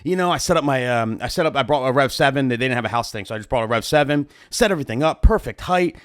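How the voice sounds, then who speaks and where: A man, a wedding DJ and show host, telling a story in a chatty, animated, profane way into a studio mic. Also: mid-range voice, fast talker, clear, resonant tone, no echo. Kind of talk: storytime monologue. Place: home streaming setup. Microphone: studio mic on boom arm. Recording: dry close studio mic.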